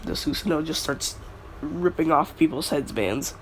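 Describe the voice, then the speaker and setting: A man's voice: on the high side, lively intonation, normal speed, a little hiss or hum, poor audio. A man casually retelling a fan story, rambling and slangy with lots of filler words.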